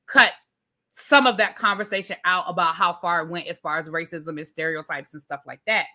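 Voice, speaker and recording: A woman hosting a casual live TV review, retelling scenes in an animated way with lots of fillers and restarts, talking to her viewers as y'all. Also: lowish voice, a little fast. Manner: informal, addresses viewers as y'all. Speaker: TV review host. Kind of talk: casual live recap rant.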